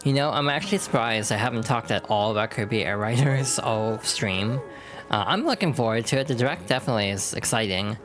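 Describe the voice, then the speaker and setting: A woman streamer chatting casually while playing, tossing in quick asides. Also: very deep voice, expressive, soft background music. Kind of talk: casual game commentary.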